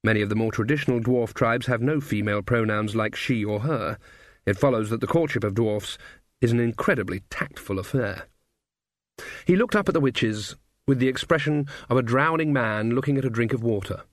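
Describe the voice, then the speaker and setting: A man narrating a comic fantasy audiobook in a measured, dry delivery. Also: mid-range voice, no echo. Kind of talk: scripted narration.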